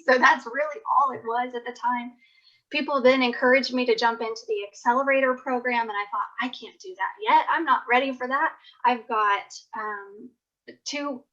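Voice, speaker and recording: A woman's voice: a little high, bright, forceful tone, lo-fi sound. A woman, a startup founder, telling her story in an earnest presentation over a video call.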